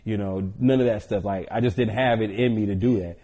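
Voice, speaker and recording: A man from Georgia talks as a podcast guest, casual and slangy, joking as he tells his story. His voice sits on the low side for a man. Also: fairly even intonation, brisk, dark tone.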